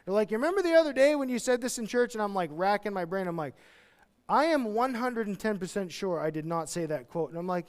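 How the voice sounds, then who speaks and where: A man preaching a sermon as pastor, chatty and jokey, with sudden loud, excited outbursts. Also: sits high, fast, clean tone.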